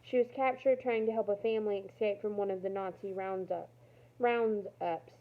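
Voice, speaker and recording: A woman's voice: medium pitch, fairly even intonation, normal speed, natural voice. Woman reader doing a pleading teenage resistance girl, earnest, on a tinny phone-like line.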